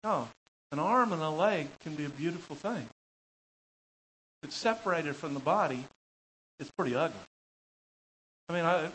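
A male pastor preaching a sermon, telling animated stories with rambling asides. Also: a little high, husky, poor audio.

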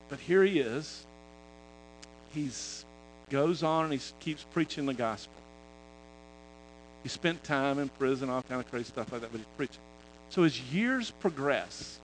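A man preaching in a loose, conversational way, retelling a story with many halting restarts. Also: mid-range voice, poor audio. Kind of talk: sermon storytelling.

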